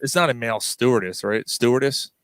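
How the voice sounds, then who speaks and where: A man's voice: medium pitch, a little fast, fairly bright tone. A man hosting a casual chat, telling a long story with many restarts and laughs. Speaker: podcast host.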